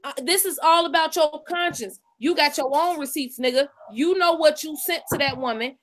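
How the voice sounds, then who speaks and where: A woman's voice: high-pitched, normal speed, fairly bright tone. A woman co-hosting a live stream in casual commentary, emphatic and confrontational, repeating her lines for effect. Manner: profane, confrontational.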